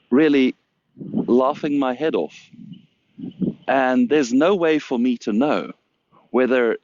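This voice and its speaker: A man's voice: medium pitch, a little mellow, dry recording, dull audio. A man, casually telling a funny story to camera, with amused, stumbling restarts. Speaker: storyteller and host.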